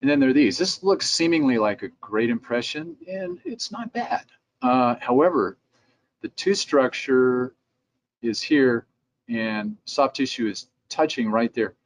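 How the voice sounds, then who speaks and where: In this training presentation for dentists, the middle-aged president of a dental lab talks in a mid-range, animated voice at a slightly slow pace. His style is conversational, and he occasionally quotes what dentists might say back.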